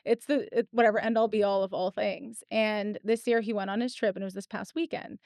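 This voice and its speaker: A woman's voice: mid-range voice, fairly quick, no echo, clean studio sound. A woman in her thirties, a podcast host telling a story in casual chat and acting out the people in it. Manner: animated storyteller, acts out quotes.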